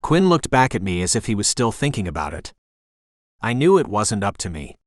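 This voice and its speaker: A man narrates a first-person romance audiobook at a steady, calm pace. His voice sits on the low side, and the recording is dry and close to the mic. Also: normal speed, no room sound.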